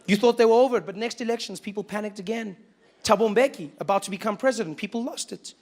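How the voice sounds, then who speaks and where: A man in his forties with a South African accent, telling a stand-up story with animated delivery. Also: sits high, fast talker. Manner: animated storytelling, lots of voices. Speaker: stand-up comedian. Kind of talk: stand-up comedy.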